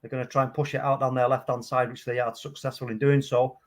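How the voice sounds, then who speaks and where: A man giving live, excitable commentary on a football match, calm play-by-play that flares into loud outbursts. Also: medium pitch, quick pace. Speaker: watchalong host.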